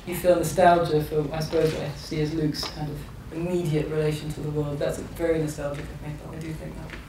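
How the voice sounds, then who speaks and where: In a large echoey hall, a distant mic captures an English woman novelist in her thirties as a guest in a public conversation. Her voice is low-pitched with little pitch movement and a slightly fast pace; she's thoughtful and hesitant, with many restarts. The background is noisy.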